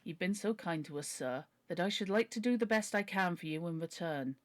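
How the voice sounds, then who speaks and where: A woman's voice: fairly low pitch, animated, a little fast, close to an everyday voice. A woman voicing a humble, pleading older male butler while reading a novel aloud. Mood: earnest. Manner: earnest, deferential, begging.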